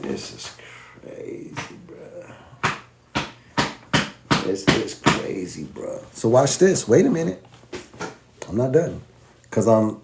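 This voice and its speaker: A man casually teaching trading, animated and slangy, acting out both sides of an argument with himself. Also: on the low side, slight background noise. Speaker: trading educator.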